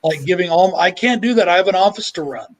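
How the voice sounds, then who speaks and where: A man's voice: high voice, animated, quick pace, slight background noise, poor audio. A man chatting on a livestream video call, swearing freely as he rants about his week. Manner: profane, ranting. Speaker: livestream panelist. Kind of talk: casual group chat.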